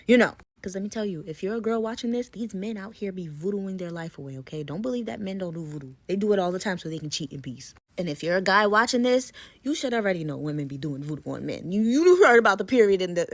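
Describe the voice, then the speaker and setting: A young woman casually telling a story to her viewers, chatty and full of fillers, sometimes dropping to a hush. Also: mid-range voice, dry recording. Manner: chatty, lots of "like" and "you know", drops into hushed tones. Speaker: storyteller in a short clip.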